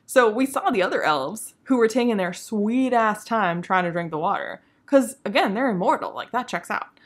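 A woman hosting a comedic review vlog, talking with dry, sarcastic, deadpan humor. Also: medium pitch, normal speed. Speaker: video host reviewing a show.

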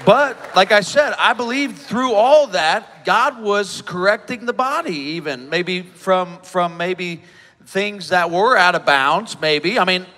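A man giving an emotional personal testimony from a conference stage, halting and often repeating himself as he talks. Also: sits high, lively intonation, sharp tone, in a large hall. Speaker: preacher speaking at a conference.

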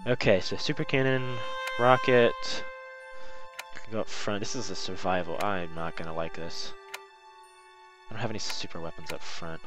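A man's voice: low-pitched, normal speed, long pauses, rough recording. A man casually commentating a video game as he plays, muttering to himself and reacting to what happens on screen. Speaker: gameplay commentator. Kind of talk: casual let's play commentary. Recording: game music behind the voice.

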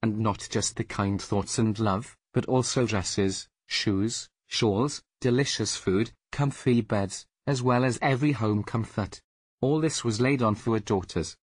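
A man reading a fairy tale aloud as storyteller, slow and deliberate. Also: fairly low pitch, husky, no room sound.

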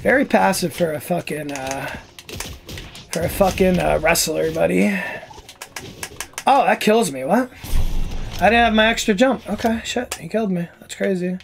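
A man mutters and rants through casual gameplay commentary, his voice gravelly. He trash-talks his opponent freely and gets annoyed fast. Soft game music plays in the background. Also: high voice. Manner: profane, trash-talking, easily annoyed. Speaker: gaming streamer.

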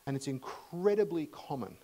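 A middle-aged Australian man preaching a sermon in a church, telling humorous stories warmly with many fillers and restarts. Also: a little high, expressive, normal speed, rough recording. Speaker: guest preacher. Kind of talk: storytelling sermon.

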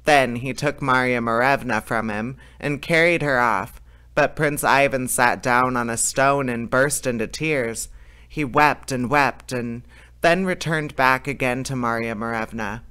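A man reading a fairy tale aloud at a steady pace, plain and unpolished with the odd filler. His voice is bright and crisp, with a smooth, clear tone. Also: mid-range voice, a little slow. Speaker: storyteller.

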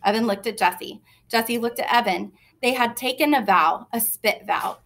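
Expressive woman reading a children's novel. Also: a little high, normal speed, hardly any pauses. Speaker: reader. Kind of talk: storybook narration.

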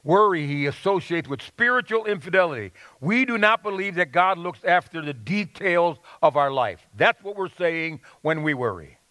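High-voiced male pastor preaching. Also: expressive, moderate pace, few pauses, sharp tone, no echo. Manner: earnest preaching with folksy anecdotes and call-and-response. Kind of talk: sermon.

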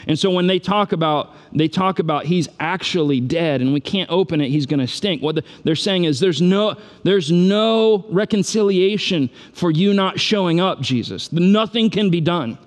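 Pastor, male, slightly high voice; relaxed storytelling sermon with humor and pressing repeated questions. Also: normal speed, few pauses. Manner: casual, joking retelling that builds to urgent appeals.

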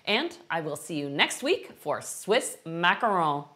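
A middle-aged woman hosting a live-stream baking lesson, chatting warmly and answering viewers' questions as she works. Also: fairly low pitch, sing-song, measured pace. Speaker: baking instructor.

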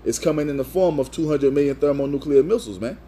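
A man's voice: fairly high pitch, fast talker, dark tone, a little hiss or hum. A man preaching in a video sermon, reading scripture and driving each point home with repeated "man" and "you see.".

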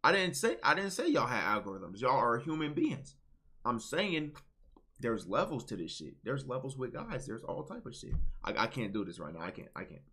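A man streaming casual reaction commentary, blunt, swinging between low muttering and loud outbursts. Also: big pitch swings, moderate pace, husky.

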